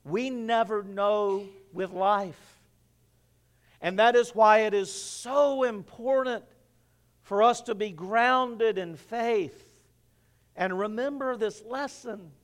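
A male pastor preaching a sermon, telling a story in an animated, playful way. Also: high voice, slow pace.

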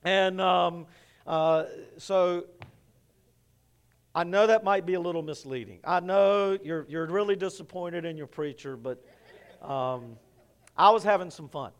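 A male pastor preaching a sermon, telling a story in an animated, playful way. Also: high voice, unhurried, pauses often, clean tone.

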